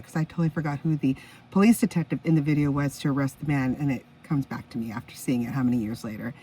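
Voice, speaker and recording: Deep and mellow with a breathy edge, this woman's voice belongs to a podcast host in her fifties running a casual solo music show. She's chatty and enthusiastic, occasionally stopping to respond to her notes, and the rough recording places her far from the microphone.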